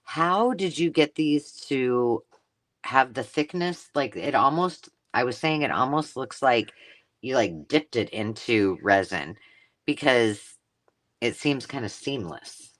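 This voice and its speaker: Woman host for a live craft unboxing: gushing, chatty, very animated pitch. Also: slow pace, no echo. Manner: gushing and effusive, chatty asides. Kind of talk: casual live-stream chat, unboxing mail.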